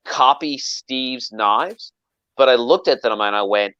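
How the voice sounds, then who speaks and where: A man's voice: medium pitch, slow pace, clean tone, no room sound, lo-fi sound. A man telling a long story in casual chat, rambling with frequent restarts and acting out quoted lines. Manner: rambling with many restarts, animated quoting. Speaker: knifemaker guest.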